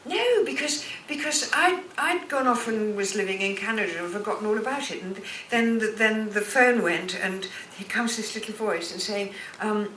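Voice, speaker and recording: A woman in her seventies, an actress guest telling expressive stories at a stage Q&A. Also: mid-range voice, moderate pace, hardly any pauses, a little hiss or hum. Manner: animated, expressive storyteller. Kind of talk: anecdotal panel chat. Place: cinema stage Q&A. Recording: echoey hall, picked up from far.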